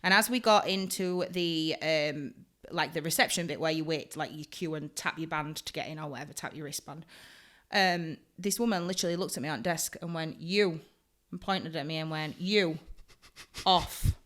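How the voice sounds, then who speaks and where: A woman's voice: low voice, brisk. A young woman, chatting casually on a podcast and acting out quotes as she tells stories. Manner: animated storyteller, acts out quotes. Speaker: podcast co-host, hairdresser. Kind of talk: casual chat.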